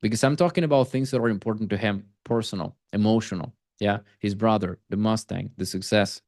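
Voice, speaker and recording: A man with a lowish voice coaches a group on handling sales calls. He talks loosely, repeats himself and slips into the lines he would say to a client. The sound is dry and close. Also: brisk, a little mellow, dry recording. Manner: conversational, repetitive fillers, acts out sales call lines. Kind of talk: live coaching session.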